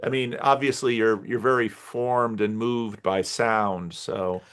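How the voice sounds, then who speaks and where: A man hosting an interview, asking curious, probing questions in a relaxed conversational way. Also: fairly low pitch, takes it slowly, clear, resonant tone. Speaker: podcast host.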